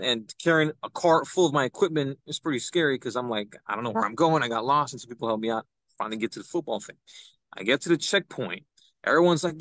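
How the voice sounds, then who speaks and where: A young man, a podcast guest, telling an animated story and acting out the people he quotes. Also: medium pitch, no room sound. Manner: excitable, acts out quoted voices. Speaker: podcast guest, citizen news reporter.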